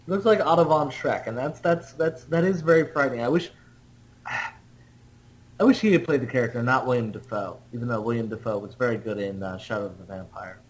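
A man's voice: medium pitch, fairly quick, low-quality recording. A man in casual conversation about films, often restarting his sentences. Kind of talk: casual film discussion.

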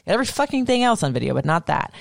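A woman in her thirties, co-hosting a casual chat, animated and swearing freely. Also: fairly low pitch, rapid-fire, gravelly, heavy background noise. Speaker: podcast co-host.

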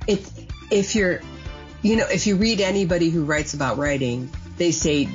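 A woman guest writer in casual podcast chat, animated and laughing as she talks. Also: on the low side, normal speed. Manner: animated, laughs while talking. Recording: dull lo-fi audio with faint music.

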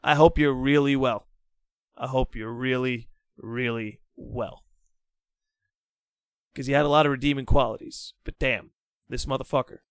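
A young man guesting on a podcast, telling a story in a casual, animated, dramatic way and swearing freely. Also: mid-range voice, normal speed, smooth, no echo.

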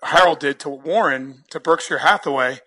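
A man from New Jersey spins a long story in easy, rambling conversation. His voice sits a little high and sounds bright and sharp. He often stumbles over his first words and breaks into laughs. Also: normal speed. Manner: chatty, repeats words when starting sentences, laughs often. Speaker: guest telling a story. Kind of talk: casual storytelling.

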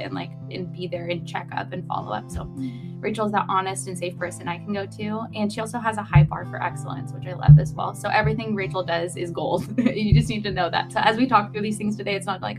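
A woman's voice: mid-range voice, fairly even intonation, brisk, over music. Effusive young woman podcast co-host. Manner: effusive, heartfelt, filler-heavy. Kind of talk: casual podcast chat.

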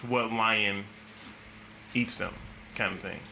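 A man co-hosting a casual podcast, explaining his points slowly and steadily into a studio mic. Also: on the low side, steady tone, gravelly, pushed and bright, roomy sound, a little hiss or hum. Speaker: podcast co-host.

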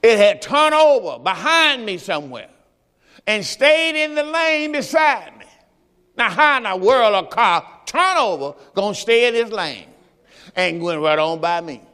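A pastor preaching a sermon in a church, urging the congregation on and rising into shouts. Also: male voice, sits high, big pitch swings, measured pace, smooth. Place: church sanctuary. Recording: hall reverb in a church.

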